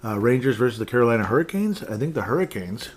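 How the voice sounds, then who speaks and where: A man's voice: mid-range voice, sing-song, quick pace, slightly rough. A man hosting a podcast, talking casually through sports predictions, rambling and correcting himself, often chuckling. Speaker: podcast host.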